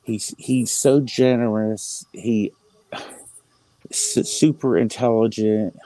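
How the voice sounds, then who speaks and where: Low-voiced man speaking haltingly. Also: steady tone, dark tone, no echo, poor audio. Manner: halting, emotional, with many restarts. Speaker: panelist. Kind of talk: heartfelt tribute in a casual online panel chat.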